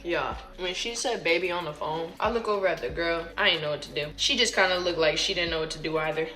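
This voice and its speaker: A young woman vlogger telling a story in casual chat, animated and acting out what people said. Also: lowish voice, quick pace. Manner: animated, acts out the quoted lines.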